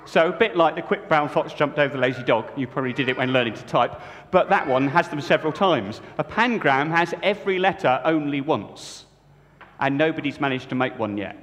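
A man's voice: on the high side, fairly quick, a little hiss or hum. A man preaching in a church, telling a story playfully and leading the congregation with jokes. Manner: jokey, lively, leads the congregation. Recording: echoey church hall.

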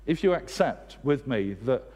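A man's voice: mid-range voice, animated, measured pace, darkish tone. A man preaching a sermon, earnest and direct, with wry humorous asides. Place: church. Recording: long church reverb.

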